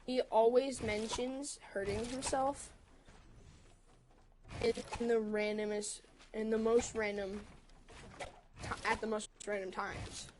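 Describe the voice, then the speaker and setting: Woman rapidly recounting an argument. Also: fairly high pitch, little pitch movement, a little mellow, slight background noise, rough recording. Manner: retells text arguments quickly, quoting both sides. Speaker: livestream host. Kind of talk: casual storytelling on a livestream.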